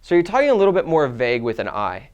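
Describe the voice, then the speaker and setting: A young adult man giving a casual, fast-paced sales lesson, explaining how to sell to different personality types and acting out lines he would say to customers. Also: medium pitch, huge pitch swings, lo-fi sound. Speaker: sales trainer. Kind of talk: instructional talk with role-played sales lines.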